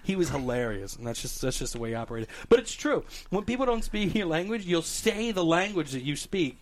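Animated man telling a story loudly. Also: fairly high pitch, fairly quick. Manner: animated storyteller, acts out voices and laughs. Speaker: podcast co-host. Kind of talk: casual chat.

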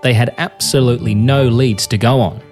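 A man hosting a podcast, giving scripted narration in a measured, even delivery. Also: mid-range voice. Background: soft guitar music.

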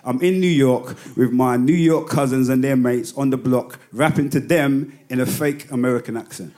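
A man in his fifties with a London accent, chatting as an interview guest. His mid-range voice stays lively as he tells stories, swearing freely and breaking into laughs. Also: mid-range voice, normal speed. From London, England. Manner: animated storyteller, swears freely, laughs often. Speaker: rapper guest. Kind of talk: casual interview chat.

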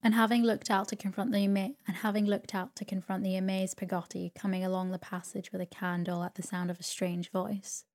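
A woman narrating a classic novel as a bedtime sleep story in a calm, measured reading voice. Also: fairly low pitch.

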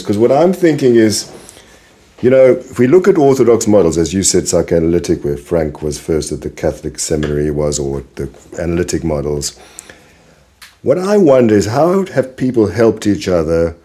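A man's voice: fairly low pitch, mellow. A man interviewing a guest, thoughtful and appreciative as he reflects on the guest's points. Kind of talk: conversational podcast interview.

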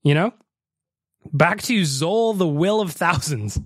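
Animated swearing podcast host. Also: male voice, fairly high pitch, takes it slowly, dry recording, studio quality. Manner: animated, swearing, mock outrage. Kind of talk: casual podcast chat.

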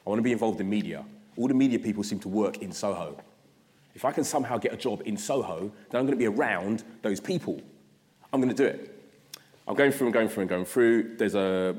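A man from South London with a London accent, giving an address as a guest speaker. He tells his story in an animated way and acts out his own past thoughts. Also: fairly low pitch. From South London, England. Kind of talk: storytelling talk. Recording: long reverb of a large hall.

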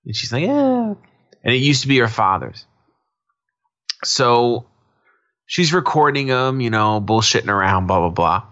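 A man's voice: medium pitch, moderate pace, long pauses, a bit bright, highs cut off. A man co-hosting a podcast, recapping a TV episode in casual, rambling chat that drifts into asides. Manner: rambling, digressive, laughs often. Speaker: podcast co-host.

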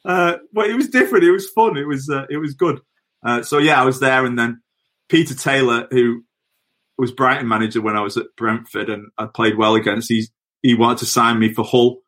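A man's voice: medium pitch, fairly even intonation, fairly quick, a bit bright. A middle-aged man, a former footballer, telling anecdotes on a podcast in a chatty way, laughing as he goes. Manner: chatty, laughs through his stories.

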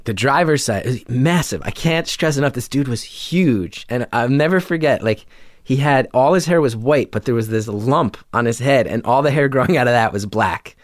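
A young adult man telling a story in casual chat, animated, jumping into loud high voices when he quotes people. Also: moderate pace, no echo, clean studio sound.

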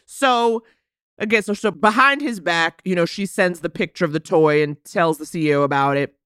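A woman's voice: fairly low pitch, moderate pace, smooth, no echo, clean studio sound. A woman co-hosting a casual film review, acting out characters' lines as she recaps. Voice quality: animated, acts out characters' lines. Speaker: podcast co-host.

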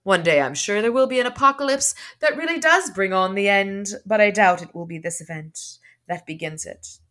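A woman's voice: mid-range voice, lively intonation, normal speed, fairly bright tone. A woman co-hosting a book podcast, recapping the plot and reading dialogue passages aloud with light shifts between characters. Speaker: podcast co-host.

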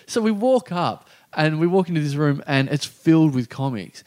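A man spins a story on a chatty podcast, his voice sitting a little on the high side. He talks in a loose, animated way, acting out the people in the story and swearing freely. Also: normal speed, few pauses. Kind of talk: casual storytelling chat.

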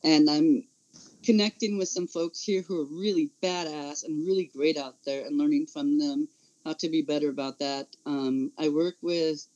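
An earnest man speaks with passion in a slightly high voice, stopping and restarting as he talks. He is an advocate in casual conversation, and the sound is dull and lo-fi. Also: fairly even intonation, darkish tone. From Central California. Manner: earnest, impassioned, halting. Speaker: autistic advocate.

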